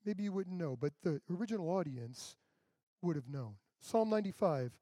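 A man's voice: high-pitched, expressive, moderate pace, dark tone, dry recording. A male pastor preaching a sermon in a conversational way, acting out the people he quotes.

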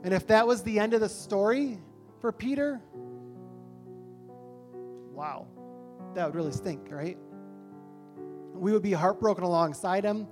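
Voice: mid-range voice, a little slow, pauses often, music in the background. A pastor preaching a sermon in a church, talking conversationally and asking rhetorical questions.

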